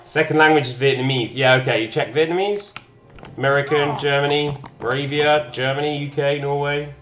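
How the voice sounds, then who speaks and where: A man's voice: fairly high pitch, steady tone, normal speed, a bit bright, soft background music. Chatty man streaming a game. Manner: chatty, reads out viewers' locations, jokey asides. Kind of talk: casual live-stream chat while gaming.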